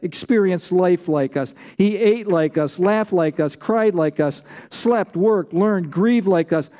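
High-voiced, mellow man preaching emphatically. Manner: emphatic preaching with repeated phrases and congregation prompts. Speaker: pastor. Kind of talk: sermon.

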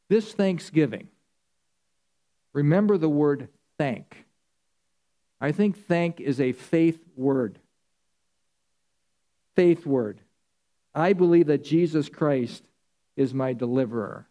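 Male preacher, emphatic and repetitive, mellow tone, slightly raised pitch. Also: lively intonation, takes it slowly, pauses often. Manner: addresses listeners as folks. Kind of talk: sermon.

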